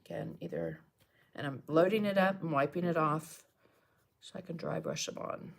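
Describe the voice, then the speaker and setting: A woman's voice: sits low, normal speed, vocal fry. A chatty middle-aged woman teaching a live painting lesson, talking viewers through each brush step. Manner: chatty, greets viewers and coughs and laughs between steps.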